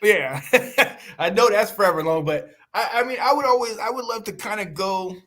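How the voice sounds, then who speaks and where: Animated man, slightly high voice. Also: moderate pace. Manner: animated, rambling, laughs often, many restarts. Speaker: podcast host. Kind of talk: casual chat.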